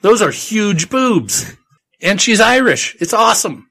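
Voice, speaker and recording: A man's voice: sits high, big pitch swings, measured pace, creaky, bright, forceful tone, pitched above the performer's own voice, full character voice. A man voicing a reckless, impulsive man who is lecherous and scheming, in a casual offhand way while retelling a story. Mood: leering.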